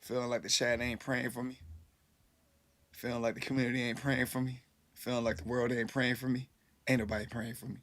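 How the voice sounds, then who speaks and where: A man's voice: mid-range voice, monotone, a little fast, a bit bright. A man casually chatting with his live-stream viewers, rambling loosely and swearing freely, a little tipsy.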